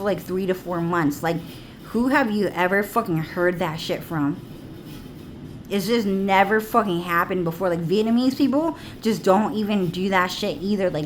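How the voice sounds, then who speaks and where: A young woman talking straight to her camera in a meandering, stream-of-thought vlog. Her speech is casual and profane, packed with "like" and "dude". Her voice sits at a middling pitch for a woman, with a faint bit of room noise behind her. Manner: rambling, heavy swearing, lots of "like" and "dude". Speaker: vlogger. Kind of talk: rambling casual monologue.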